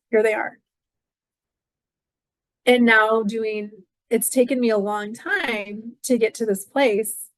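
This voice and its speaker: A woman's voice: on the high side, dry recording. A middle-aged woman hosting an astrology channel, talking in an effusive, rambling spiritual monologue that is full of repeated phrases and "like" fillers.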